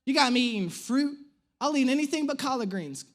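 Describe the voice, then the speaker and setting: Pastor guy in his 30s, high voice, funny animated sermon story, pokes fun at himself. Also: a little fast. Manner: storytelling, animated and self-mocking. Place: church stage.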